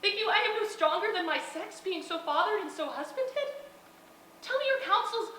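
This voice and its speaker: A woman's voice: very high-pitched, animated, fairly quick, pushed and bright, a little hiss or hum, full character voice. A woman playing Portia, a proud noble wife pleading with her husband in an outdoor stage play, with impassioned, rising speech. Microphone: far camera. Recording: distant, echoey open-air stage recording.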